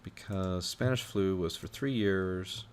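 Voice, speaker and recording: A man's voice: deep voice, slow pace, a little hiss or hum. A man hosting an informal talk, thinking aloud as he walks through astrology charts, with many fillers and restarts. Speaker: astrologer host.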